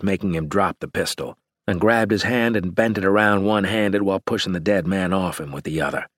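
Male audiobook narrator, low voice, husky tone, grim measured delivery, dry close mic. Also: no room sound. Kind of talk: first-person audiobook narration.

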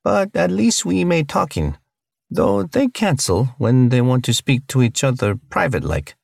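A man's voice: mid-range voice, very animated, a little slow, vocal fry, a little mellow, no echo, studio quality, voice pushed up, exaggerated voice. A man voicing a large, earnest blue alien cellmate who talks in broken, simple grammar.

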